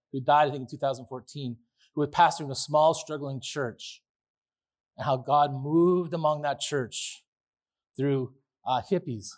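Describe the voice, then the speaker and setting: Enthusiastic man preaching a sermon. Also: fairly high pitch. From Canada. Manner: chatty, enthusiastic, with restarts and asides. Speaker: pastor. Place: church.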